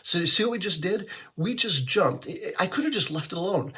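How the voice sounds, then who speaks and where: Man, pastor, conversational sermon, bright forceful voice, raspy. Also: sits high, animated, fairly quick. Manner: conversational, tells stories with acted quotes. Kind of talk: sermon-style teaching talk.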